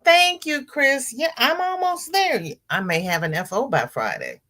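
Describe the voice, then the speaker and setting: A woman's voice: high voice, very animated, measured pace, sharp tone. A middle-aged woman hosting a casual livestream, greeting viewers by name and reading out their chat comments. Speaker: livestream host.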